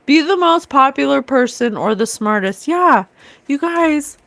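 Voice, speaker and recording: A woman hosting a psychic talk show, ranting with scorn in a loose, animated way and often mocking others in sing-song voices. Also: sits high, a little slow, no echo. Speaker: psychic livestream host. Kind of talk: casual spiritual rant.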